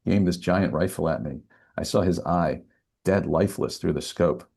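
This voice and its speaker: A man's voice: low voice, moderate pace, vocal fry, darkish tone, breathy edge, heavily acted. A man voicing a rattled, blunt American guy. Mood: shaken.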